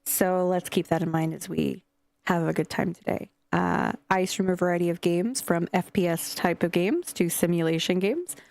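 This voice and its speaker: A woman's voice: lowish voice, normal speed, gravelly, darkish tone. A young adult woman streamer chatting casually and scatteredly with her chat, swearing now and then. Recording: faint music behind.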